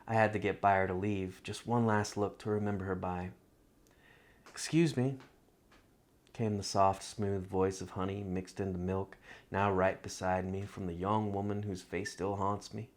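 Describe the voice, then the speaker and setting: A man reading his own literary love story aloud in a measured, reflective first-person narration. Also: sits low, flat delivery.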